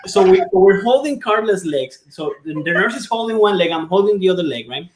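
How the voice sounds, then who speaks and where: A high-pitched man tells a story in an animated way and keeps breaking into laughter. His voice rings around an echoey room. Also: fairly quick. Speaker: father telling his daughter's birth story. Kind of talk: casual chat.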